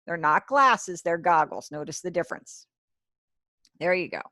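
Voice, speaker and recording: An ASL teacher holds class over a video call, her lowish voice fairly bright, moderate in pace, and marked by long pauses. Recorded in studio quality without echo, she chats warmly, praises students along the way, and talks to herself in asides.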